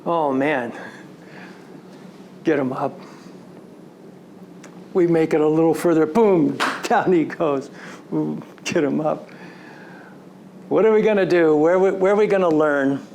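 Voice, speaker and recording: Slow, high-voiced man telling a story. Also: creaky, slight background noise. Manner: animated storytelling, slipping into quoted dialogue. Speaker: story coach. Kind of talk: storytelling lecture.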